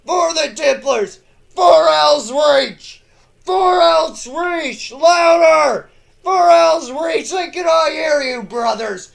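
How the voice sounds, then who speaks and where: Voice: very high voice, slow pace, creaky, voice pushed up, heavily acted. A lore reader voicing a zealous armored warrior-priest in a dramatic reading, roaring battle cries with a straining voice. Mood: battle fury. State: straining, voice giving out.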